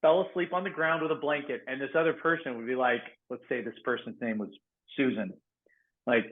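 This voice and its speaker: Male podcast guest, ex-negotiator, lively storyteller; thin phone-line audio. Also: mid-range voice, a little fast. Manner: animated storyteller, laughs often, acts out quotes loudly. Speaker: guest, former SWAT negotiator and security professional. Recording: phone-like narrow band audio.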